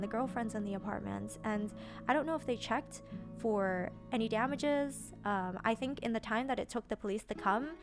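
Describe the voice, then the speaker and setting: A young woman streamer telling a story casually, animated, with lots of "like" and some swearing. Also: fairly high pitch.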